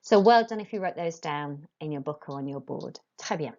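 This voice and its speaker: A woman teaching a recorded French lesson, dictating phrases slowly and explaining pronunciation in English. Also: low voice, animated, a little mellow, muffled recording.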